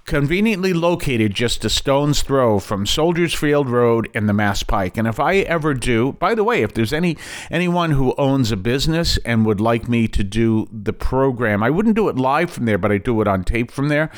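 Chatty Boston priest on radio. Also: male voice, mid-range voice, animated, moderate pace. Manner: chatty, digressive, light self-deprecating asides. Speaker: Catholic priest and radio host. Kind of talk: Catholic radio talk show.

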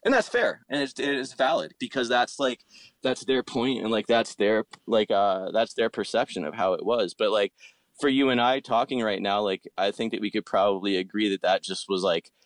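A Philadelphia-area man in his thirties chats casually and profanely, rambling and saying "like" constantly. His voice is lowish and his speed normal, with no echo.

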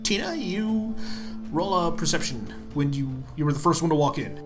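A man narrating as game master of a tabletop game, rambling and halting with many fillers. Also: fairly high pitch, animated, music in the background.

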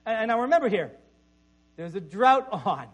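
A man with a noticeably high voice preaches a sermon, moving between scripture reading and relaxed, chatty explanation. He keeps checking in with his listeners with a quick "right?". A faint electrical hum sits under the recording. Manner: conversational preaching with frequent "right?" asides. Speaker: pastor.

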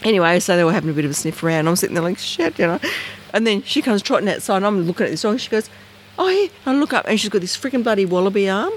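An Australian woman tells a personal story as an interview guest, at an even middle pitch. She talks animatedly, acting out voices and sounds as she goes. A faint hiss and light ambience sit behind her. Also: rapid-fire, hardly any pauses.

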